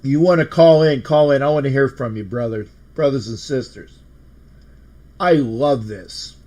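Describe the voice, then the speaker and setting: A man's voice: mid-range voice, a little fast, dark tone, slight background noise. A man hosting a fan call-in livestream, emotional and exuberant, often repeating himself. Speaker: show host.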